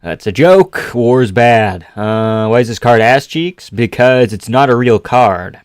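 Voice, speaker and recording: A man's voice: mid-range voice, animated, slow pace, clean tone, dry recording, clean studio sound. A man live-streaming in casual chat, joking and swearing as he answers viewers. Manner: profane, joking, rambling.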